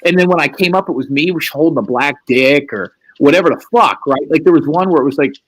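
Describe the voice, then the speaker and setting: A man's voice: fairly high pitch, fast talker. A man hosting a show, telling a profane story casually and acting out the quotes. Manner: profane, animated, acts out quotes. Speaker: host.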